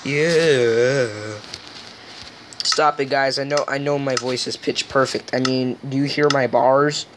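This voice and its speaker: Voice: mid-range voice, little pitch movement, normal speed, hardly any pauses, noisy background. A gaming video host giving casual, rambling gameplay commentary, joking and poking fun at themselves. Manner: joking, rambling, self-mocking.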